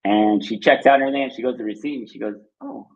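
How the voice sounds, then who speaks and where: A man from Southern California telling an animated story as a guest in a casual interview, full of fillers and restarts. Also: medium pitch, very fast. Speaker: guest, trucking business owner. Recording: phone-like narrow band line.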